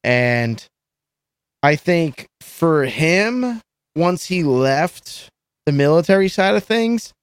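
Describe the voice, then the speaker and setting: A man with a slightly high voice talks as a guest on a podcast, rambling in an animated way and swearing often. His voice is recorded close and dry, with almost no room sound. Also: clear, resonant tone, dry recording. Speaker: guest, metal band vocalist. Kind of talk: casual podcast chat.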